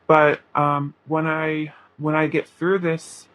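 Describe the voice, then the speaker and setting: A man reading tarot, speaking a channeled message in the first person in a halting, earnest way with many pauses and fillers. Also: on the high side, little pitch movement, dry recording, lo-fi sound. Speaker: tarot reader.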